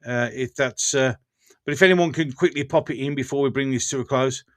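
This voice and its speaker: A man's voice: medium pitch, a little fast. A man with a Birmingham accent hosting a casual live stream, chatting bluntly with viewers, often laughing between remarks and going off on rants. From England.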